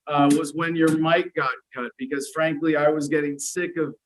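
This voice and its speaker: American guy guesting on a livestream, kinda high voice, teasing and dry. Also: flat delivery, moderate pace, a little hiss or hum, poor audio. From United States. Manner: teasing, wry, speaks in long sentences. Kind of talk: casual livestream chat.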